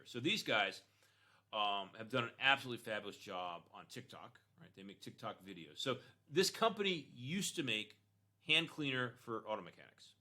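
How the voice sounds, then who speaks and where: Energetic bright-voiced man reviewing a store. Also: mid-range voice. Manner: conversational, frequent "right?" and "you know"; energetic, punchy emphasis. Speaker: e-commerce store consultant. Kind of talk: casual screen-share store review.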